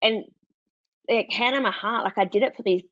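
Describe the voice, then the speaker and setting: A woman's voice: mid-range voice, moderate pace, no echo, highs cut off. A woman in her thirties with an Australian accent, a podcast guest telling a story in casual chat, candid and laughing often. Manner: candid, laughs often, quotes others in lively voices.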